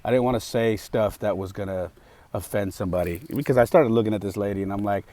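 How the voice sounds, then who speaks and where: Lower-voiced man telling a heated story. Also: fast talker, dark tone. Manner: emphatic, heated, with frequent fillers. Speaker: podcast host. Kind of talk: casual storytelling monologue.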